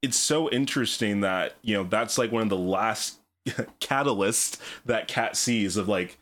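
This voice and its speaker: A man's voice: lowish voice, measured pace, a bit bright. A man talking casually and ramblingly in a book discussion podcast, swearing freely. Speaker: podcast co-host.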